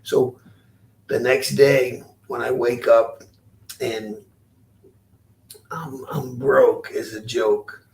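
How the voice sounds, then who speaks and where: A man in his sixties, a former boxer, telling stories as an interview guest in a halting, rueful way, often repeating his words. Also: medium pitch, fairly even intonation, distant mic. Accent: Rhode Island. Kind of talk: storytelling interview.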